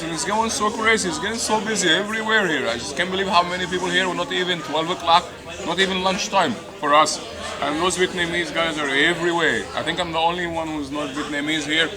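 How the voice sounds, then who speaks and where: A middle-aged man eating and reviewing a meal, effusive and a little hoarse from hot pepper. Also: a little high, steady tone, fast talker. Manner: enthusiastic, repeats "delicious" and "beautiful". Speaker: food vlogger. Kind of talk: casual food review while eating. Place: busy restaurant, indoors. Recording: noisy restaurant with crowd chatter. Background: crowd chatter.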